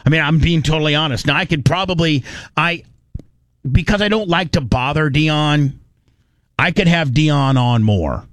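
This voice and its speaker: A man's voice: a little high, moderate pace, a bit bright, no echo. A middle-aged man hosting a radio show, chatting casually about sports and often restarting his sentences. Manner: rambling, frequent restarts.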